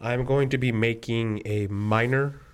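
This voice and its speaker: A man's voice: medium pitch, fairly even intonation, measured pace, clean tone. A man playing a tabletop role-playing game, laying out his character's plans in a laid-back, rambling way. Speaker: player. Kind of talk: casual tabletop game talk.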